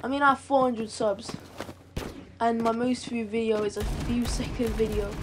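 Woman, fairly high voice, rambling gameplay chatter, noisy game audio, gunfire behind. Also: steady tone, normal speed. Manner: rambling and self-correcting. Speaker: gaming channel creator. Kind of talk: casual gameplay commentary. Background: game gunfire and clicks.

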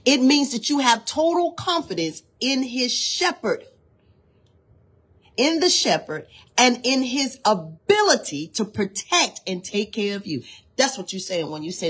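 A little slow and expressive, this woman's lowish, fairly bright voice comes with a little hiss or hum in the audio. She leads an informal devotional livestream indoors near a hallway, reading from a text between spontaneous exhortations, preaching with fervour, repeating phrases and urging listeners to say lines back to her.

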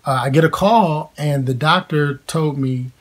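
Speaking in a voice on the high side, a man in his thirties relates a family story during a relaxed, heartfelt conversation at home. He halts frequently, with plenty of fillers and restarts.

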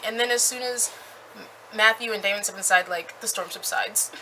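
A young woman recapping a book in a chatty, animated way with lots of fillers. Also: medium pitch, brisk, background noise. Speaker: book reviewer.

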